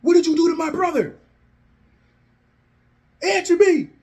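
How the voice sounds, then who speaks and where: A man acting out a young male wrestler who has been betrayed and is furious, shouting accusations and threats as he retells a storyline. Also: fairly high pitch, lively intonation, takes it slowly, muffled recording. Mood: frantic. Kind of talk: acted-out fan storytelling.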